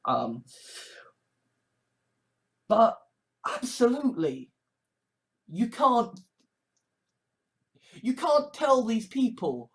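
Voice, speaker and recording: A woman's voice: on the high side, sing-song, extremely slow, long pauses, low-quality recording. Woman vlogger, profane and sarcastic, ranting in loose digressive asides. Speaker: YouTube creator. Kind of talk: ranting vlog monologue.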